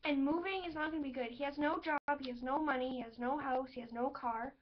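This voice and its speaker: A woman's voice: high-pitched, fairly even intonation, quick pace. A young woman telling a personal story to her viewers in a rambling, emotional way, with many fillers. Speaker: vlogger. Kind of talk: personal vlog talking to camera. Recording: dull lo-fi webcam audio.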